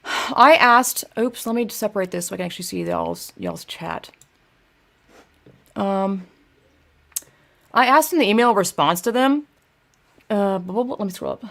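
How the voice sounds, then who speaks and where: A woman's voice: mid-range voice, big pitch swings, unhurried, vocal fry, pauses often. A young woman ranting casually and profanely on a livestream, talking to her chat while fumbling through her phone. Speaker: video creator ranting to live chat.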